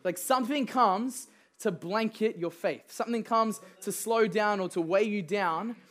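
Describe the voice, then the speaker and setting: A young man delivers a sermon as if chatting with friends. His storytelling is loose and conversational, full of fillers and quick laughs. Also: high-pitched, a bit bright. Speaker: preacher.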